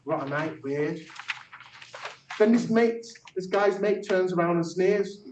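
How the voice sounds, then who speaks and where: Guy doing spoken word in a workshop room, high voice, sounds far off and a bit muffled. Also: measured pace, a little mellow, a little hiss or hum. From Yorkshire, England. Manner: rhythmic, punchy performance delivery. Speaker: workshop facilitator. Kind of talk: performing spoken word poetry. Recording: echoey room from a distance, dull.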